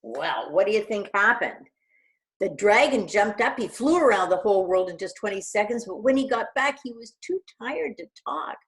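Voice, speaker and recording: A middle-aged woman reading a picture book aloud to young children, animated and asking them questions. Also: medium pitch, moderate pace. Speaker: children's storyteller.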